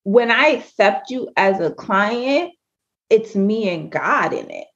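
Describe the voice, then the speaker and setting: A woman from Jamaica hosting a podcast interview, emotive and quick to laugh. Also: mid-range voice, lively intonation. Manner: warm, emotive, laughs easily. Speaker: podcast host. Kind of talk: conversational interview. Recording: dull lo-fi sound.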